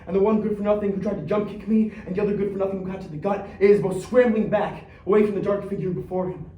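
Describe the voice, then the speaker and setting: A man's voice: high-pitched, steady tone, fast, highs cut off, a little hiss or hum, lightly acted. An actor on a theater stage playing a streetwise young man who believes he is Batman, talking in slang and acting out fights with sound effects. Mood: thrilled. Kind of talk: theatrical monologue. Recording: echoey stage recorded from far off.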